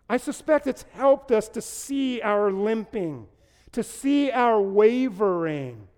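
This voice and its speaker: A high-pitched man with a smooth, resonant voice preaches to an online audience, talking conversationally and pausing for them to type in answers. He slips in playful puns and asides. A long reverb from the large, empty room trails behind every word. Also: a little mellow. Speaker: pastor. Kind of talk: livestreamed sermon.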